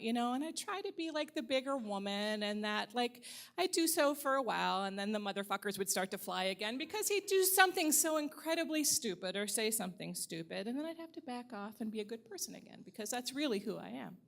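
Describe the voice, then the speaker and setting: A middle-aged woman from the Upper Midwest, telling a personal story at a live storytelling event in a wry, candid way and swearing freely. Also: mid-range voice.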